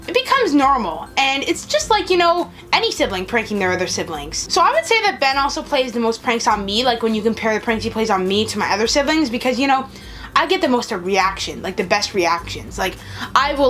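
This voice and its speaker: Hosting her own channel, a woman with a slightly bright, high-leaning voice chats casually. She tells stories as she answers viewer questions, with frequent "like" fillers.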